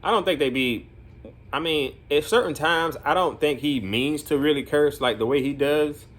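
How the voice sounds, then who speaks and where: Somewhat high and a little bright, this male voice moves at a moderate clip. The speaker, a counselor at a group home, narrates a casual vlog tale that wanders, full of fillers and heartfelt, supportive asides.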